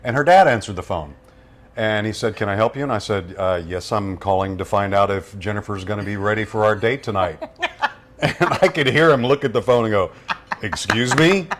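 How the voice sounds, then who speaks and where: Low-voiced man telling stories. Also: brisk, slight background noise. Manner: relaxed storyteller acting out quoted voices. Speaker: radio and voice-over talent, guest. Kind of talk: casual storytelling interview.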